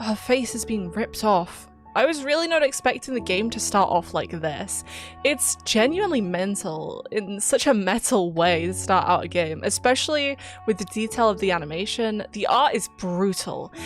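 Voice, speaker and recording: A young British woman with a British accent narrating a video essay about a game in a chatty, giggly, self-deprecating way. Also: medium pitch. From Britain. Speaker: YouTuber.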